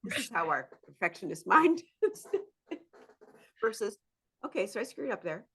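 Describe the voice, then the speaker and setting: A woman's voice: medium pitch, normal speed, slightly rough. A woman, a psychotherapist turning to coaching, talking animatedly as a podcast guest. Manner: animated, acts out inner voices and laughs often. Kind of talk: conversational interview.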